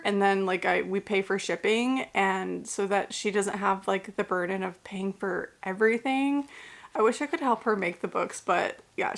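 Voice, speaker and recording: A young woman talks through her books in a casual vlog at home, gushing and chatty. Her voice sits a little high. She leans on "like" as she goes. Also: a bit bright. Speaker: book vlogger. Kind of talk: casual reading vlog chat.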